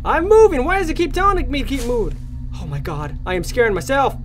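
Excitable man yelling through a horror game. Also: very high voice, fast, music in the background. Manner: excitable, yells and rants at the game in jest. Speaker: gaming channel host. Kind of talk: horror game let's play commentary.

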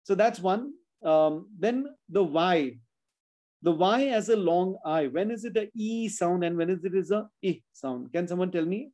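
A man's voice: high voice, unhurried, darkish tone, rough recording. A man teaching children spelling in an online class, patiently sounding out words letter by letter.

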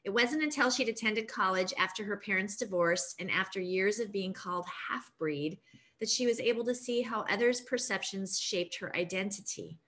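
A woman host introduces each author at a group reading. Her voice is bright and forward, and she reads the introductions at an even, middle pitch. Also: normal speed. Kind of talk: event hosting, reading introductions.

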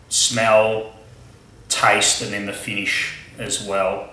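A man's voice: on the low side, little pitch movement, slow pace, bright, forceful tone, echoey room, poor audio. A man from Australia reviewing a beer at home in a casual tasting vlog, chatty and wry, with many fillers and asides.

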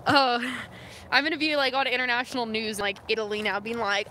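A young Californian woman, a vlogger and snowboarder, chats casually on a livestream from inside her van, playful and talkative, trying out mock accents. Her fairly high voice is bright and forceful, steady in tone and a little fast. It's recorded on a phone camera with slight background noise.

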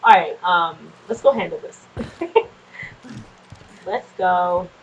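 A woman casually commenting on her gameplay, chatty and quick to swear, often laughing and talking back to the game's characters. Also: lowish voice, slight background noise, poor audio. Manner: nervous and jumpy in scary moments. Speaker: gameplay streamer. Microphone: desk microphone.

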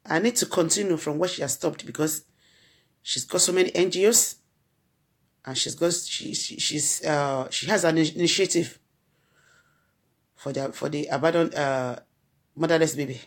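This blogger, a grieving Nigerian woman, speaks an earnest tribute to her followers in a deep, slightly rough voice at normal speed, pausing often. She echoes her own lines the way a preacher might.

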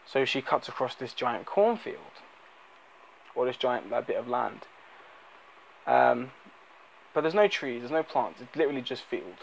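A man's voice: medium pitch, lively intonation, measured pace, creaky, pauses often, a little hiss or hum, poor audio. Rambling man talking through a movie review. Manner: rambling, many fillers and restarts. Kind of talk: unscripted spoken movie review.

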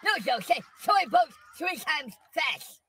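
A woman's voice: high-pitched, expressive, slow, pushed and bright, far from the mic. A woman in a comedy sketch who giggles and teasingly coaxes someone into repeating silly lines. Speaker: prankster feeding lines, then mock dispatcher.

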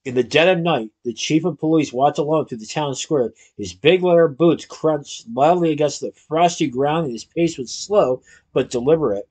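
A man narrating a children's story in an expressive storytelling manner. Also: fairly high pitch, moderate pace. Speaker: audiobook narrator. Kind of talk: scripted narration.

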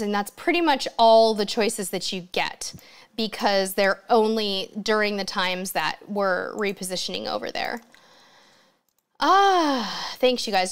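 Her voice mid-range and smooth, a woman runs a relaxed live-stream Q&A from home. She reads viewers' comments aloud and responds with chatty enthusiasm.

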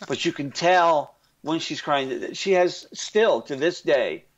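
A male interviewer talking in a relaxed, plain-spoken way. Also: fairly high pitch, measured pace, muffled recording. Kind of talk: casual radio chat.

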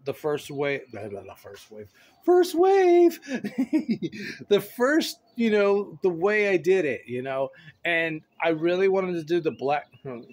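A man chatting in a goofy, playful way on a casual home video, rambling and laughing often, recorded on a phone on a stand. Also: on the high side. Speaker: vlogger.

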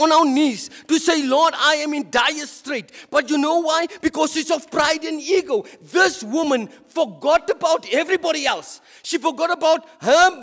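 A man's voice: extremely high pitch, a bit bright. A South African man preaching a sermon in church as a deacon, impassioned, stumbling and repeating words as he goes. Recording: reverberant church hall.

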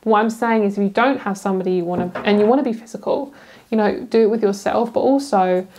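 Young British woman, chatty tarot reader, casual and giggly, mid-pitched. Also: a little mellow. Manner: chatty, giggly, rambling with fillers. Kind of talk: casual pick-a-card tarot reading.

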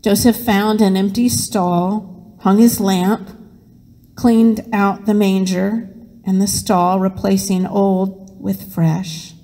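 Slow, mellow woman pastor preaching. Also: medium pitch. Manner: slow, expressive storytelling. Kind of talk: sermon with dramatic reading. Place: church sanctuary. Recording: reverberant church sanctuary.

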